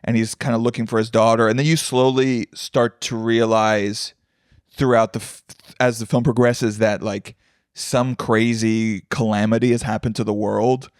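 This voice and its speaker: A man's voice: mid-range voice, level tone, moderate pace, dry recording, studio quality. A man co-hosting a podcast in casual chat, joking and rambling, often laughing. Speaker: podcast co-host.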